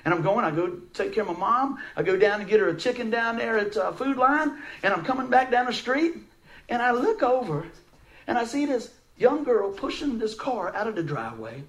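High-voiced man preaching a folksy story. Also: moderate pace. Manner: folksy, animated storytelling with asides to the crowd. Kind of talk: storytelling sermon.

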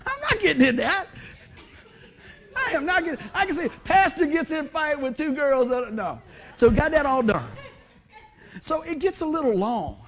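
A man's voice: very high voice, normal speed. A male pastor telling funny stories in a sermon, acting out other people's voices and laughing often. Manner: animated, acts out quoted voices, laughs often. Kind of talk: storytelling sermon.

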